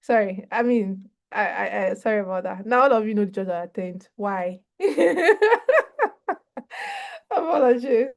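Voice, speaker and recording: A woman giving a mental health training session on a video call, talking in a lively, conversational way and acting out short dialogues. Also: mid-range voice, a little slow, vocal fry. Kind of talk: online training talk.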